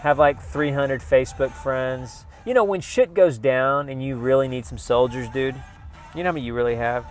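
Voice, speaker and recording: A man's voice: medium pitch, normal speed, faint music behind. Profane rambling man ranting. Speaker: vlogger. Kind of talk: casual rant to camera.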